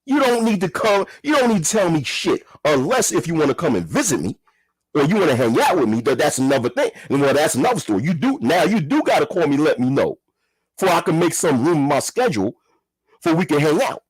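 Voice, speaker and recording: Heated, husky-voiced man ranting. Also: fairly high pitch, very animated, a little fast, no echo. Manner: heated, profane, repetitive; rhetorical questions. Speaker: commentary vlogger. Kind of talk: ranting commentary.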